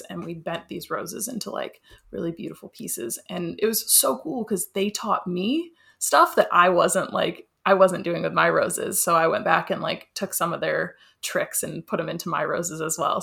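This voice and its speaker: Young woman guest, low gravelly voice, easygoing enthusiastic chat. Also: moderate pace, hardly any pauses, a bit bright. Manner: enthusiastic, chatty, laughs often. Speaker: welder and artist guest. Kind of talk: casual interview chat.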